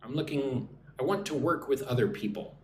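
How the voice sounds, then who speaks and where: A man's voice: medium pitch, expressive, moderate pace, roomy sound, slight background noise. A man teaching English vocabulary on a live stream. He explains patiently, breaks words into syllables and often checks in with "right?".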